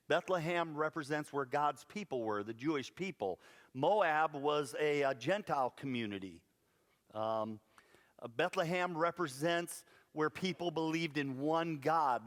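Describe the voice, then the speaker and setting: A man preaching a sermon, telling a Bible story in a lively way with playful asides. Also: mid-range voice, in a large hall. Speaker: pastor. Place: church sanctuary.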